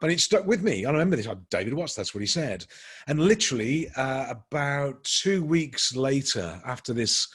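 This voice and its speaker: A middle-aged man telling a personal story to a workshop group, acting out the dialogue with lively energy. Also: medium pitch, fairly quick, slightly rough. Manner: animated anecdotal storytelling, acting out quoted dialogue with rising energy. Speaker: workshop speaker.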